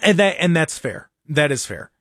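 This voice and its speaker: Man, radio talk host, lively swooping pitch, sarcastic, fairly high voice, dry studio sound. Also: normal speed, no echo. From Ohio. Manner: animated, sarcastic, mocking asides. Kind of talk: casual political talk radio.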